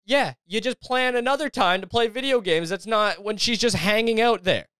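A young man hosts a comedy podcast with a sarcastic, exasperated rant full of swearing. His voice sits somewhat high and sounds smooth and clear. The sound is dry and close. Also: fairly bright tone, no echo. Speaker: podcast host.

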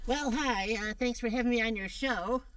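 A man's voice: very high voice, normal speed, clean tone, no room sound, far from the mic. A man playing a mild-mannered alien conqueror from space as a guest on a comedy interview show, talking hesitantly with many ums. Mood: deadpan. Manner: hesitant, deadpan, lots of ums and uhs. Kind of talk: comedy public-access interview skit.

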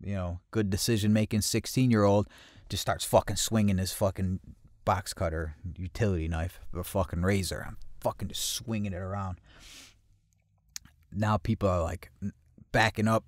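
In a dry, clean studio recording, the same low-voiced host recounts a rough personal story at a moderate pace. His retelling is blunt, streetwise and animated, packed with swearing and loud impressions of the people involved.

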